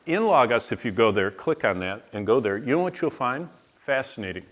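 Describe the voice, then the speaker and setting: A man's voice: medium pitch, very animated, brisk. A man giving a teaching sermon to a live audience. He stresses single words and puts questions to the listeners. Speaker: Bible teacher.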